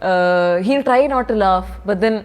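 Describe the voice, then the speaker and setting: A young woman with a Malayali English accent chatting in an interview, bubbly and quick to laugh. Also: medium pitch, a little hiss or hum. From Kerala, India. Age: young adult. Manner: bubbly, laughs often, acts out quoted dialogue. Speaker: film actress, guest. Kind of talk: casual interview chat mixing English and Malayalam.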